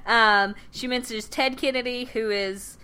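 A young woman co-hosting a podcast, casually recapping a TV episode with frequent laughter and quick quoted voices. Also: on the high side, fairly bright tone. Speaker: podcast co-host.

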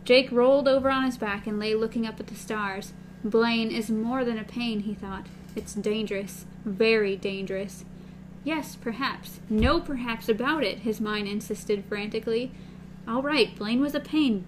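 A woman's voice: fairly high pitch, moderate pace, noisy background. A woman co-hosting a casual book discussion, recapping and reading passages aloud.

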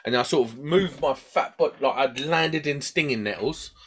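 This British-accented man's mid-range voice has a breathy edge and a moderate pace. Chatting casually, he rambles animatedly through a lengthy story, imitating the people involved.

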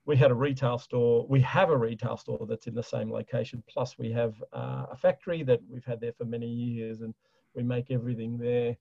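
A middle-aged man talks with chatty enthusiasm, an average-pitched voice. The sound is dry and a bit dull, lo-fi. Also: steady tone, fairly quick, vocal fry, dark tone, no room sound. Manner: enthusiastic, chatty, frequent fillers and laughs. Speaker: guest, chocolate business owner. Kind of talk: casual interview talk.

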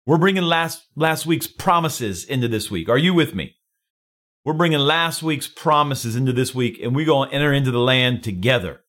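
A man's voice: mid-range voice, animated, normal speed, a bit bright. Fervent exhorting preacher man. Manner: fervent, exhorting, repeats phrases for emphasis. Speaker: preacher hosting a daily devotional. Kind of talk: energetic daily devotional sermon.

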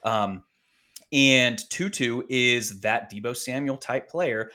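A man co-hosting a fantasy football podcast, talking in a measured, analytical way with many pauses and ums. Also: mid-range voice, bright, forceful tone. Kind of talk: casual sports analysis chat.

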